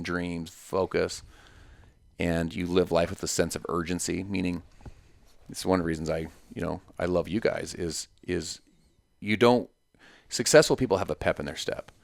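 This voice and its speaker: A man's voice: deep voice, fairly even intonation, normal speed, creaky, no room sound. A man talking as a podcast guest in casual conversation, emphatic and story-driven, with punchy repetitions.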